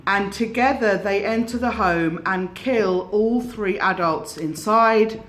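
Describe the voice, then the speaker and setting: A woman's voice: medium pitch, takes it slowly, a bit bright. A woman hosting a tarot channel, casually telling a cautionary story in a musing way with hesitant restarts.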